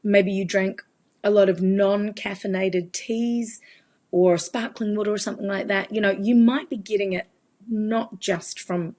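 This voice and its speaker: A woman's voice: mid-range voice, steady tone, unhurried, darkish tone. A woman, giving a chatty live Q&A as a vocal coach. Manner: chatty, explanatory, demonstrates voice changes. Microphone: phone.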